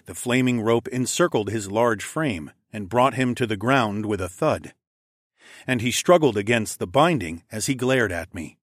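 A man's voice: lowish voice, animated, normal speed, no room sound. Man narrating an audiobook, dry sound. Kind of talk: scripted first-person narration.

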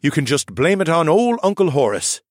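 A man's voice: on the high side, sing-song, normal speed, no room sound, studio quality, voice pushed up. A man doing a fond falcon-man uncle. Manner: warm fond teasing. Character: kindly bird-man, fond, grave, avuncular.

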